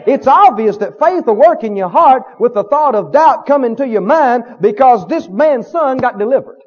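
A man's voice: very high-pitched, animated, moderate pace, darkish tone, muffled recording. A man preaching a sermon with emphasis, often asking the congregation questions.

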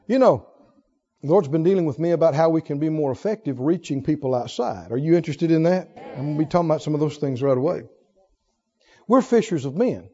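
A male preacher with a high, lively voice that leaps up and drops low. He repeats his key lines for emphasis and moves from loud exhortations to hushed asides. The recording is dull and lo-fi. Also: fairly quick. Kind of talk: sermon.

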